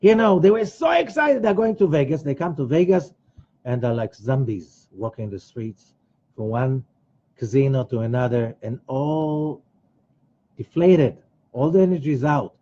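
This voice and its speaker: Man, kabbalah teacher, husky mellow voice, dull lo-fi sound, emphatic high bursts. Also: animated, moderate pace. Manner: acts out quoted voices of other people. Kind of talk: religious study lecture.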